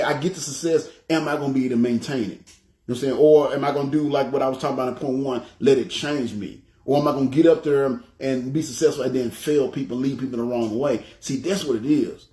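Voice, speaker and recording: A man's voice: medium pitch, mellow. A man preaching a casual, conversational sermon, loose and repetitive, who often checks in with his listeners. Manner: loose, repetitive, often asks "you know what I'm saying". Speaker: pastor. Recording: echoey room.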